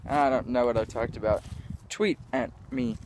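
A man's voice: mid-range voice, moderate pace, darkish tone, a little hiss or hum. Rambling, laughing young male vlogger. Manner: scattered, self-mocking, laughs often. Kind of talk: rambling casual vlog. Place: outdoors in sunlight.

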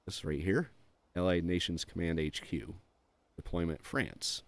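A man's voice: sits low, a little slow, gravelly. A man casually walking through a strategy game, reading on-screen text aloud with frequent fillers and dry offhand asides. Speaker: gameplay video host.

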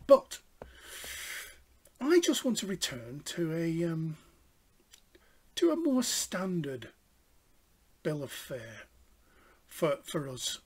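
A British man hosts an online folk evening from home. His voice sits a touch high and he takes his time. He rambles and pauses often with fillers. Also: slightly rough. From Britain. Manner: rambling, hesitant, many fillers. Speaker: host. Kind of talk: relaxed introduction. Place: home, over a video stream.

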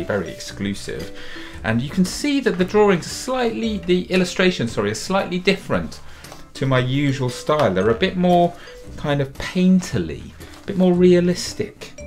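A middle-aged man, a children's author and illustrator, giving a friendly drawing tutorial for kids in a chatty, upbeat way, often doubling words for emphasis. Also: mid-range voice.

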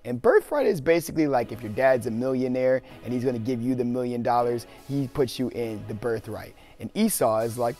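Young dude hosting, retelling stuff all slangy and jokey, voice bouncing around, music faint in back. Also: male voice, medium pitch, fairly quick, few pauses. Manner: slangy, animated, joking. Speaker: video host. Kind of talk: casual storytelling.

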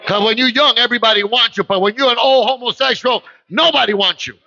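Man, preacher, high voice, sharp tone, impassioned sermon, dull lo-fi stream. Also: quick pace, vocal fry, hardly any pauses. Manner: impassioned, swings into shouts. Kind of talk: sermon with storytelling. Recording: muffled lo-fi livestream audio.

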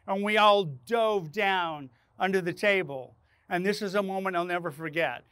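A man hosting his own leadership channel, telling a dramatic personal story to camera in an animated way, acting out his own panicked lines. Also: high-pitched, normal speed, clean tone, no room sound. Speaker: leadership speaker and channel host.

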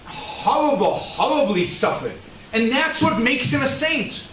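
High pitched guy giving a lecture, emphatic, repeats himself a lot, mic kinda far off. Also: big pitch swings, a little slow, fairly bright tone. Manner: emphatic and repetitive, with questions to the audience. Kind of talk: public lecture to an audience. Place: event hall in Shanghai. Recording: roomy hall, distant mic, faint noise.

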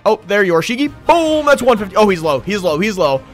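Man, hoarse, sick, excitable gameplay commentary, high voice, faint background music. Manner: excitable, quick reactions, repeats short phrases. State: sick, losing his voice. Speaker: gaming YouTuber.

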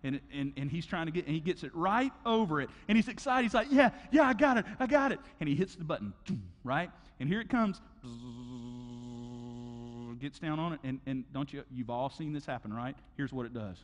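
A pastor preaches in a lively, conversational way, acting out little stories with sound effects and swinging his voice up and down. His voice sits a bit higher than most men's. The long reverb of a large hall trails each phrase. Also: fairly quick, hardly any pauses. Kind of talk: sermon. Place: church auditorium.

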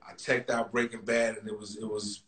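A man's voice: lowish voice, level tone, fairly quick, a bit bright. A man guesting on a casual interview, laid-back and talking in casual slang. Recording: echoey room.

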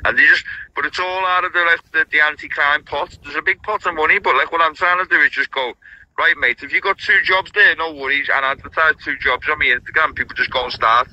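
Slangy man, bright voice. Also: fairly high pitch, steady tone, lo-fi sound. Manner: rapid slangy banter full of restarts. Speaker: host of a live stream. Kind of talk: casual chat on a live stream.

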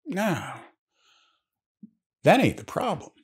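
A man's voice: wildly swooping pitch, slow pace, breathy edge, heavily acted. A man voicing an old male rural shopkeeper over seventy, in a raised, wry voice. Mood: dry, deadpan. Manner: high put-on voice, wry.

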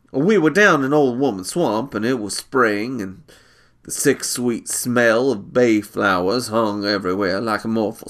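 Unhurried man reading a story. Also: on the low side, fairly bright tone. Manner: measured and unhurried. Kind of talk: story read aloud.

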